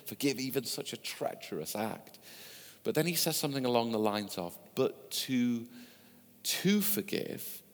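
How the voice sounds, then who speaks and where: Male preacher, fairly low voice, conversational storytelling sermon. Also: creaky. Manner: conversational storytelling with asides to listeners. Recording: long hall reverb.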